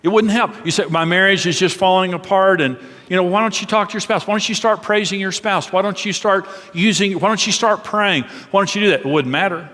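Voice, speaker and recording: A middle-aged man preaching a sermon as pastor, earnest and preacherly, drawing out key phrases slowly. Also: high voice, sharp tone. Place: church auditorium. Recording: long reverb of a large hall.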